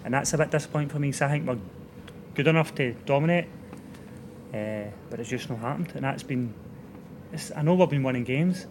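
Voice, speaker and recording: A man's voice: medium pitch, fairly quick. A Scottish man, a football manager, talking frankly in a casual interview. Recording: background noise.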